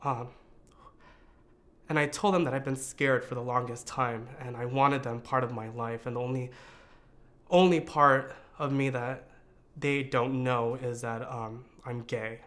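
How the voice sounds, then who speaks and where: Man, from the United States, personal storytelling, earnest, reflective, hesitant fillers, mid-pitched voice. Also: fairly even intonation, measured pace, fairly bright tone. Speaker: storyteller sharing his coming-out story.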